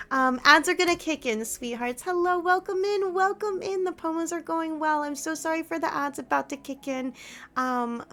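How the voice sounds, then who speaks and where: Streaming from home, a young woman chats casually with her viewers, gushing and giggling as she says hello. Her voice is high-pitched and a bit bright.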